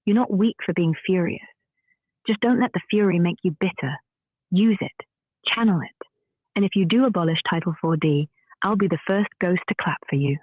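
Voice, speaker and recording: Brief: AI woman voice, calm and wry, slightly breathy, heard through a tinny phone speaker. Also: fairly low pitch, moderate pace, dry recording. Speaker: AI chat companion. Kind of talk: conversational reply.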